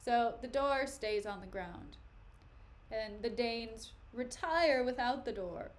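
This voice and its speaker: A woman's voice: a little high, slow pace. A young woman streaming a play reading, joking in chatty asides between the lines. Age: young adult. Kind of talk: casual dramatic reading with commentary.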